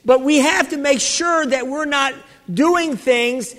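A male pastor preaching a sermon, halting with many restarts and rising to shouts at the peaks. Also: very high voice. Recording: long reverb of a large hall.

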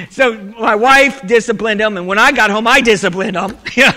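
A pastor with a very high, bright voice rambles through a sermon story, chuckling at himself and breaking into loud shouted exclamations. His voice rings out with a long reverb in a big church hall. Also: moderate pace, hardly any pauses. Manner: rambling storytelling with laughs and asides.

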